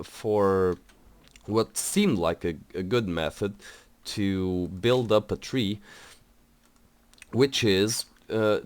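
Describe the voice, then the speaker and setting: In this building game video, the young host talks casually about his play, hesitating often and restarting sentences amid plenty of fillers. His pitch is fairly low, with no room sound.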